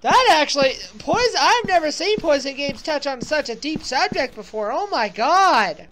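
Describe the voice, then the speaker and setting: A woman's voice: high voice, animated, normal speed, a bit bright, slight background noise. A woman playing a horror game and commenting as she goes, reacting with fright and sympathy. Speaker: let's play gamer.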